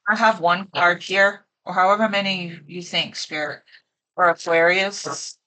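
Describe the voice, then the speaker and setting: A woman's voice: on the low side, fairly even intonation, a little slow, pushed and bright. A woman giving a casual tarot reading, emotional and teary, gushing and repeating her phrases. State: teary, choked up. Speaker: tarot reader.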